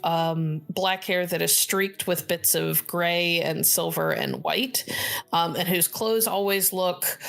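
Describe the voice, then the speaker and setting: A woman's voice: on the low side, vocal fry, a bit bright. A woman narrating a tabletop role-playing game as game master, describing scenes with many fillers.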